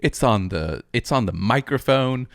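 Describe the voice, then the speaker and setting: A man's voice: medium pitch, lively intonation, measured pace, creaky, no room sound, studio quality. A man co-hosting a podcast, chatting casually about politics, restarting his sentences as he thinks aloud. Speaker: podcast co-host.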